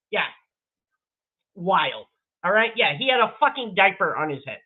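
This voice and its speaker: Her voice is medium in pitch with a breathy edge, and she takes her time. Hosting a reaction commentary video with tinny, phone-like sound, she's animated, profane and quick to laugh.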